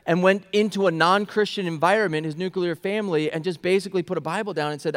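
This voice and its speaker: A young male pastor with a high voice preaches to his church, telling the story in a lively way. He goes from loud and urgent to soft and hushed. His voice rings with the long reverb of a large sanctuary. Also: quick pace. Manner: animated, swings from loud and urgent to hushed and quiet. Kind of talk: sermon storytelling.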